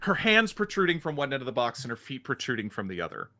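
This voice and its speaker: A man running a tabletop horror game as game master, narrating with laughs and halting restarts. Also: medium pitch, wildly swooping pitch, bright, forceful tone.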